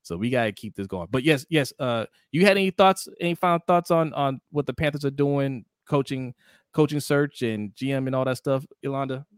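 A man hosting a casual sports talk show, animated and jokey, acting out quotes in high voices. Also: brisk, clear, resonant tone, no echo, studio quality. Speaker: podcast host.

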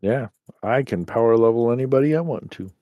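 A man's voice: mid-range voice, lively intonation, fairly quick, mellow, dry recording. A man co-hosting a casual gaming podcast, talking in an easygoing, teasing and reassuring way. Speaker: podcast co-host. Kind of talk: casual chat.

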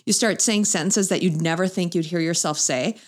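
A middle-aged woman, a mother, telling a humorous family story to an audience and acting out the voices she quotes. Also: a little fast. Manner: animated, acts out quoted voices with big pitch jumps.

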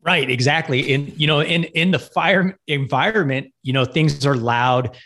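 A middle-aged firefighter on a podcast, chatting in a laid-back, halting way with lots of fillers. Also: male voice, a little high, bright, forceful tone, slight background noise. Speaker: podcast guest co-host, firefighter. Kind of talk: casual podcast chat.

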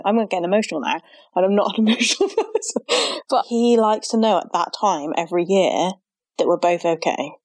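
A young woman tells her personal story in an interview, earnest and heartfelt, dropping in many "like" fillers as she gives an emotional account. Her mid-range voice is a little mellow, with no echo.

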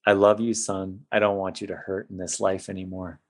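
A man's voice: low-pitched, level tone, fairly quick. A middle-aged man telling an emotional personal story in a casual, heartfelt way as a podcast guest. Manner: casual, emotional, says "man" and "bro" a lot.

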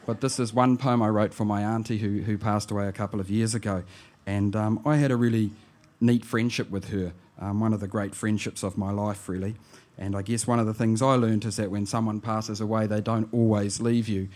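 A man, a poet introducing and reading his poems, soft-spoken and reflective. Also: lowish voice, steady tone, a little fast. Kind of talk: live poetry reading.

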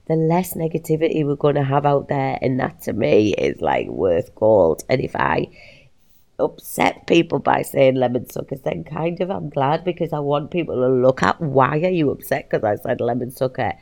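A middle-aged woman hosting a podcast, talking in an animated, playful way and laughing often. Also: low voice, normal speed, gravelly, no room sound, studio quality. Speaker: podcast host and teacher. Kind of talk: casual motivational monologue.

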